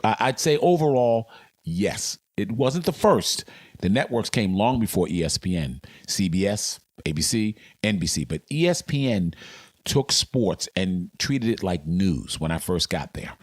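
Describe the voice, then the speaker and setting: An older man with a very low, deep voice tells his stories emphatically, leaning hard on his key lines. He sounds like a veteran sportscaster talking as an interview guest. The sound is dry and close, with no room echo. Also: animated, a little slow. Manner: emphatic, dramatic storyteller. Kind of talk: storytelling in a podcast interview.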